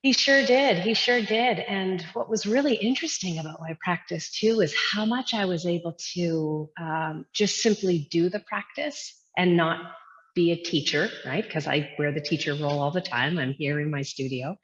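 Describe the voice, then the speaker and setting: A woman in her thirties, a yoga teacher, speaks in a lowish voice at normal speed during a casual interview from her studio. She's earnest and reflective with many fillers, and the recording is dull and lo-fi with long, echoey reverb.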